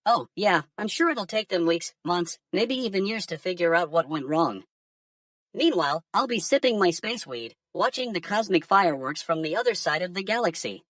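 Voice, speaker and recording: A woman's voice: lowish voice, expressive, normal speed, a bit bright, no echo, studio quality, distant mic. Woman voicing a profane alien conspiracy theorist. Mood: scornful. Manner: profane, ranting, mocking. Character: crude alien conspiracy theorist talking down to humans. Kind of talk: AI-generated news segment.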